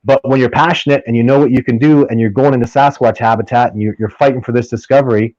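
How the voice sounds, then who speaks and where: A man's voice: mid-range voice, quick pace, no room sound. Emphatic man, dull dry lo-fi sound. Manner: animated, emphatic storytelling with many restarts. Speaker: podcast guest, field researcher. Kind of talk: casual interview chat.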